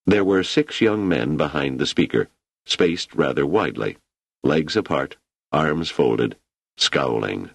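A man reading a story aloud in a steady, measured voice as an audiobook narrator, recorded on a close microphone. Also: rumbling low, creaky, no room sound. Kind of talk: scripted narration.

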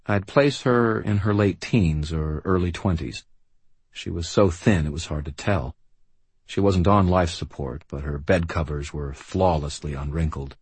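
A male audiobook narrator with a very low, deeply husky voice. He reads first-person fiction in a dry, measured, wry manner. The recording is close and completely dry. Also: a little mellow, dry recording.

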